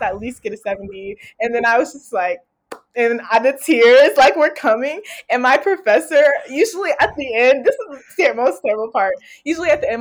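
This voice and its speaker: Brief: young woman college student guest, fairly high voice, expressive storyteller who laughs mid-sentence. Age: young adult. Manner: expressive storyteller, laughing while she talks. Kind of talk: casual chat.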